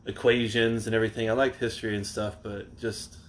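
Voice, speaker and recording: A man's voice: lowish voice, little pitch movement, brisk, noisy background. A man in his thirties, originally from North Carolina, telling rambling, joking stories as a guest on a casual podcast. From Charlotte, North Carolina. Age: 30s. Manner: joking, rambling storyteller with frequent fillers. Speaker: wrestler guest.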